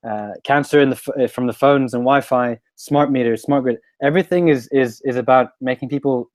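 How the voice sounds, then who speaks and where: A man's voice: mid-range voice, a little fast, a little mellow, dry recording. A man from Sweden, a guest on a live online talk, speaking hesitantly with many fillers and restarts. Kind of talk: casual chat. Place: London.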